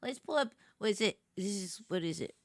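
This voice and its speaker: A woman's voice: mid-range voice, animated, moderate pace. A woman hosting a casual late-night livestream, chatty and giggly, greeting viewers and playfully sassy. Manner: giggly, chatty, reads and answers chat. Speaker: livestream host.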